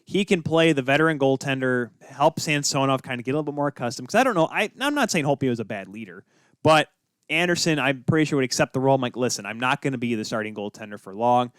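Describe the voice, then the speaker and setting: A man co-hosting a casual hockey podcast, opinionated and quick with asides. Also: fairly high pitch, animated, a bit bright, clear, resonant tone, no echo, studio quality. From Minnesota. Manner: opinionated, talks fast with many asides. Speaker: podcast co-host. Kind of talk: casual sports chat.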